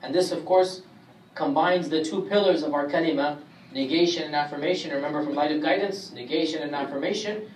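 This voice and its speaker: A man teaching a Quran commentary class, speaking emphatically and reciting Arabic verses rapidly. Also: fairly high pitch. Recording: echoey room, distant mic, faint hiss.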